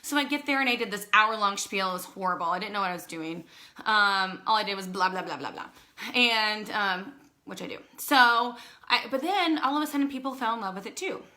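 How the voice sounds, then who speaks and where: A woman in her thirties telling her own story into her phone, chatty and animated, acting out quoted dialogue and fighting back tears. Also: medium pitch, fairly quick. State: emotional, holding back tears. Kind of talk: casual personal storytelling to a phone camera.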